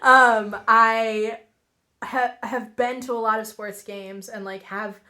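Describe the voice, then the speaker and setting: A woman's voice: on the high side, takes it slowly. Giggly young woman, casual storyteller. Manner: relaxed, giggly, hesitant. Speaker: podcast guest.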